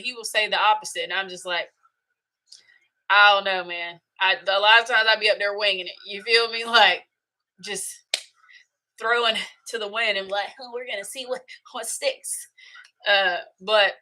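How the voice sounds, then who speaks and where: A woman's voice: on the high side, sharp tone, rough recording. A middle-aged woman hosting a casual talk, chatty and emphatic, acting out her inner voice as she goes. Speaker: podcast host.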